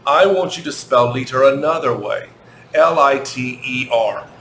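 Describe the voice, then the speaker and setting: An American man teaching an English grammar lesson to children, repeating questions slowly and spelling words out letter by letter. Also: mid-range voice, a bit bright. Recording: echoey room, faint background hum.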